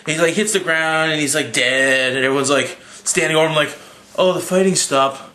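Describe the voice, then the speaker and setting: A slightly drunk young man recapping a movie in a rambling, profane, excitable way. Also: a little high, fast talker, echoey room. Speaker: movie reviewer.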